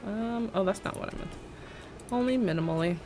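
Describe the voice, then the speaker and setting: A woman's voice: medium pitch, a little fast, noisy background. A woman streamer chatting casually while building in a game, rambling, joking and laughing often.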